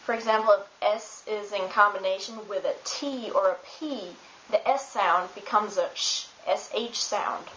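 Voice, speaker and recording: A woman who speaks German natively, giving a casual spoken pronunciation lesson, relaxed and hesitant with many ums and uhs. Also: medium pitch, unhurried, hardly any pauses. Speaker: German tutor. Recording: roomy, dull home recording with hiss.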